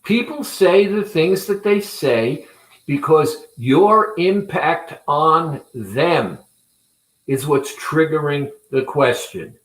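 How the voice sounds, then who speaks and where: A man who runs a weight-loss clinic, talking earnestly and deliberately to viewers in a promotional talk. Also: a little high, lively intonation. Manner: deliberate, earnest, speaks with pauses. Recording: roomy echo.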